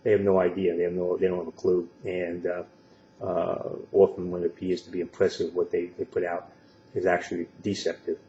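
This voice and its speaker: A man giving casual spoken commentary for an online video, halting and full of filler sounds. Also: sits low, monotone, warm tone, roomy sound, highs cut off, slight background noise.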